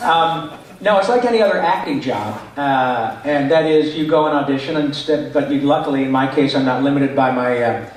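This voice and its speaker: A man, a voice actor, answering fan questions at a convention panel in an animated way, now and then slipping into character voices. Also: mid-range voice, fairly quick. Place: large echoey convention hall. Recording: echoey hall picked up from far off.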